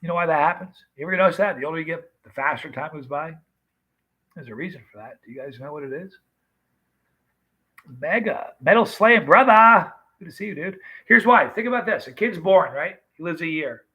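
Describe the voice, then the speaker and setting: A man in his fifties runs a casual livestream, rambling through stories and calling out viewers by name. His voice sits a touch high and carries a bright, forceful edge. He talks to the chat like old friends. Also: lively intonation, fairly quick, slightly rough, low-quality recording. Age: 50s. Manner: chatty, greets viewers by name. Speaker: livestream host.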